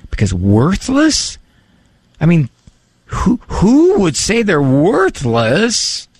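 An animated man talking about parenting with a gravelly, husky edge to his voice. His pitch swings widely as he jumps into playful impressions. The sound is close and dry. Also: very slow, no room sound. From Italian heritage. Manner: animated, mimics voices for humor. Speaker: psychologist. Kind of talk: casual talk on parenting and faith.

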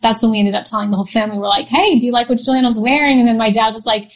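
A woman's voice: fairly high pitch, rapid-fire. A woman in her thirties telling a personal story as an interview guest, chatty and often laughing, with many fillers.

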